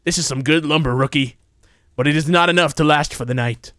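A man voicing a gruff, bossy male camp leader in a horror game, giving stern orders. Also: on the high side, brisk, fairly bright tone, dry recording, clean studio sound, lightly acted.

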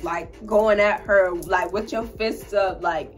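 A young woman co-hosting a casual storytime vlog, animated, swearing freely and laughing as she tells it. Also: mid-range voice, slow pace, faint music behind. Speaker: co-host telling a story.

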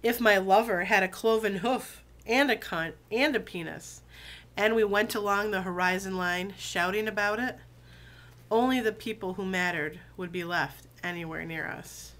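A woman who has been sick, her voice lower than usual, chatting casually with many fillers and reading poems aloud in a slow, deliberate way. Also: fairly bright tone. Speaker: video blogger reading poetry.

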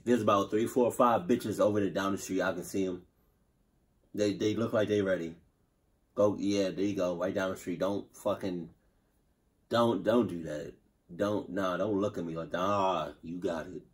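A man hosting a reaction video, talking in animated, profane, slangy banter. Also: deep voice, normal speed, husky. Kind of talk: casual reaction commentary.

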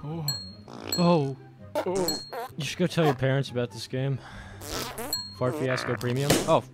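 A young man playing a video game and commenting on it, shifting from mumbled remarks to sudden loud yelps and curses. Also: mid-range voice, steady tone, measured pace. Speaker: gaming YouTuber. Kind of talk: let's play commentary. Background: game music.

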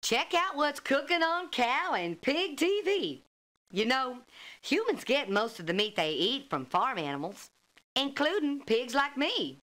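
A woman's voice: sits high, very animated, a little slow, fairly bright tone, a little hiss or hum, heavily acted. A woman voicing a chirpy pig character in a children's computer game who presents farm facts in a bubbly, sing-song manner. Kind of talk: 1990s children's game voice acting.

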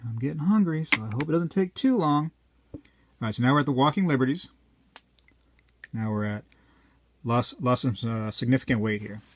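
A man's voice: medium pitch, animated, moderate pace, pauses often, a little hiss or hum. A man chatting casually to viewers while weighing coins, rambling and joking as he goes. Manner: rambling, jokey, talks to viewers directly. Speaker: coin collector vlogger.

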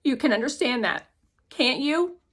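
A woman's voice: sits high, lively intonation, a little slow, a bit bright, breathy edge, voice pushed up, full character voice. Woman voicing tired mother, earnest, practical, pleading, storybook reading. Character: worn-out mother pleading calmly with an official.

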